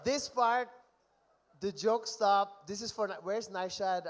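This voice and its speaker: A young man giving a best man speech at a wedding reception, telling stories and reading texts aloud in an animated way. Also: high voice, slow pace, a little hiss or hum. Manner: animated storytelling, mock-reads texts aloud.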